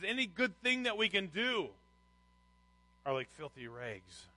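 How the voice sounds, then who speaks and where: A man's voice: high-pitched, animated, moderate pace, a bit bright, no echo, poor audio. A middle-aged man preaching a sermon as a pastor, reading scripture and telling anecdotes with rising emphasis.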